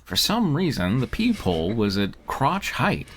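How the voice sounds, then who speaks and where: A man hosting a live show, reading fan fiction aloud with animated, chuckling narration. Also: medium pitch, unhurried, heavy background noise. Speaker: host and narrator.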